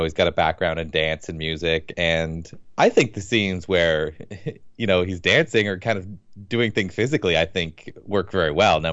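A man with a very deep voice weighs his thoughts on a movie in a casual chat. He pauses often and hedges with fillers. The sound is muffled, dry and a little lo-fi. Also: a bit bright, no echo. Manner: measured, hesitant, many fillers. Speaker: podcast co-host. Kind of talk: casual film review chat.

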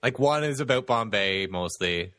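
Man, podcast co-host, bright lively voice, jokey sarcastic, dry room. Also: fairly low pitch, no echo. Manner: joking, quick laughs, sarcastic asides. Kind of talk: casual movie discussion.

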